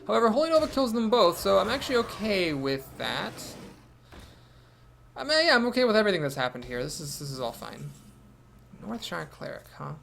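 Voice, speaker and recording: A man's voice: sits high, big pitch swings, fairly quick, creaky, fairly bright tone, a little hiss or hum. A man thinking aloud as he commentates his own card game, with wry asides. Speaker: gameplay commentator.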